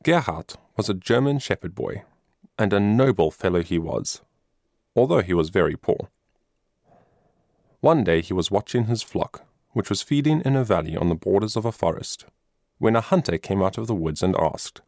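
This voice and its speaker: Male storybook narrator, low and lively voice, dry close sound. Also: moderate pace, no room sound. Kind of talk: storybook reading.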